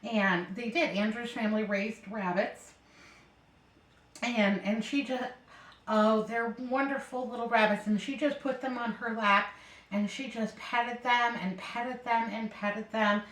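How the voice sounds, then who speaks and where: A woman's voice: a little high, steady tone, a little slow, a bit bright. A middle-aged woman chatting and telling a long, meandering story while she cooks at home, often circling back with "anyhow.". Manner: rambling, meandering, keeps saying anyhow. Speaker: home cooking vlogger. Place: home kitchen. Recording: echoey room, mic set far off.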